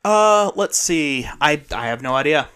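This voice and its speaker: Man, from the USA, podcast co-host, hesitant, fairly high, bright tone. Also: expressive, unhurried, clean tone. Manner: hesitant, lots of ums. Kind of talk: casual chat.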